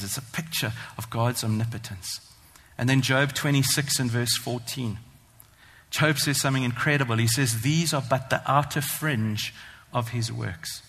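A man preaching a sermon, earnest and emphatic, slowing down to stress the scripture he reads. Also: mid-range voice, pushed and bright. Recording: long hall reverb.

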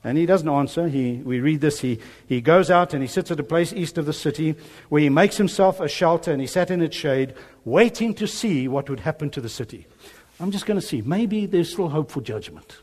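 Male preacher, slightly higher voice, lively sermon delivery with acted-out dialogue, long hall reverb. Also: a little fast. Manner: animated storytelling, acts out biblical dialogue, chuckles often.

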